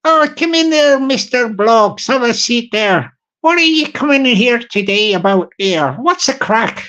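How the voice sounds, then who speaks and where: A man voicing a busy, high-up Irish council woman with a chirpy, giggly, sing-song manner and an Irish accent. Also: expressive, measured pace, sharp tone, dull audio, heavily acted. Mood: welcoming.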